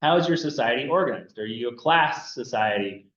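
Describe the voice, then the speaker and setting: Man, college lecturer, casual chatty delivery, lots of fillers, middle pitch, muffled roomy classroom recording. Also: animated, a little fast, fairly bright tone. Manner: casual and chatty, many fillers and "right?" checks. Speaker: anthropology lecturer.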